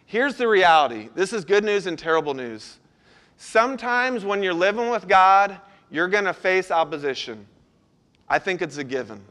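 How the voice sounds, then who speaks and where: A man's voice: sits high, lively intonation, moderate pace, a bit bright. A man preaching a sermon as pastor, earnest and conversational, asking his listeners questions.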